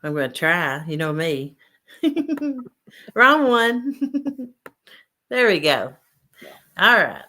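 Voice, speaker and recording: A woman's voice: on the low side, very animated, very slow, pauses often, bright, forceful tone. A woman hosting a casual fishing livestream, reading out chat names and greeting viewers. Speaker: livestream host.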